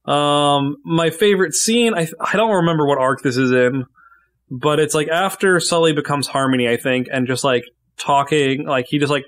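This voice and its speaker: A man's voice: medium pitch, a bit bright. A man chatting casually on a podcast about favorite moments from a tabletop game, rambling with many fillers.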